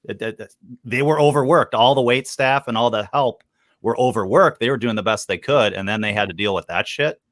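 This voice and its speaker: A man's voice: mid-range voice, a little fast, fairly bright tone, dry recording, clean studio sound. A man on a casual podcast, speaking in a blunt, profane way.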